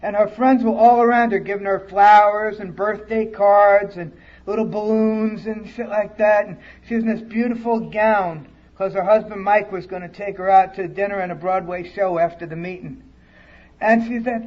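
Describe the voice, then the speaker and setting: A man with a notably high voice tells his own story at a recovery conference, blunt and salty with his language. The recording sounds dull and lo-fi, like an old tape of a talk in a hall. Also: steady tone, moderate pace. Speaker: conference speaker.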